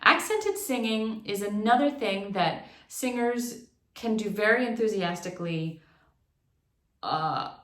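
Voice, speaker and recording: A woman's voice: mid-range voice, lively intonation, slow, fairly bright tone. A woman teaching an online singing lesson, explaining technique and breaking into short sung demonstrations. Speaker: vocal instructor. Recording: echoey room.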